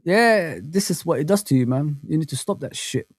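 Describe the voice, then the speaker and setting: Guy on a live footy stream, slightly high voice, dry close mic, keeps saying bro and man. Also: normal speed, no room sound. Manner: animated, rambling, heavy on slang fillers like bro and man. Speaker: host of a live football fan chat. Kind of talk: casual live-stream chat, reading comments aloud.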